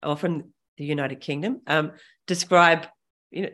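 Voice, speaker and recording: A woman's voice: deep voice, fairly even intonation, measured pace, fairly bright tone. A woman hosting a podcast, asking curious, loosely worded questions in casual interview chat. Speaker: podcast host.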